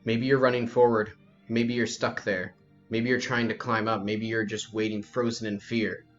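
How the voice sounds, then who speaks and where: A man narrating a tabletop role-playing game as game master, in slow, descriptive second-person narration, on a lo-fi recording with faint music. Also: fairly low pitch, level tone.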